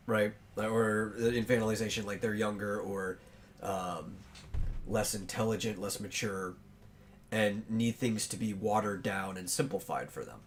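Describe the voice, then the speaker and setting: A man hosting a casual podcast, thinking aloud as he talks, with many pauses and fillers. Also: on the low side. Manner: chews on bread while talking. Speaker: podcast host.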